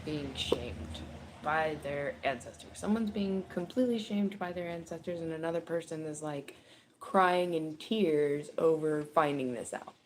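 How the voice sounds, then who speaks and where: A woman giving a casual tarot reading, chatty and animated, with frequent laughter and swearing. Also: sits low, measured pace, slight background noise. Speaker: tarot reader. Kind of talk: casual spoken card reading.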